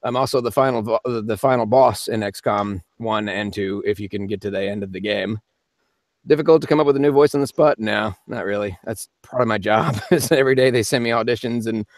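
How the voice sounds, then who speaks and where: A male voice actor runs a casual live-stream Q&A from his home studio, chatty and joking, answering chat questions quickly and laughing often. His mid-range voice has fairly even intonation, and there's no room sound.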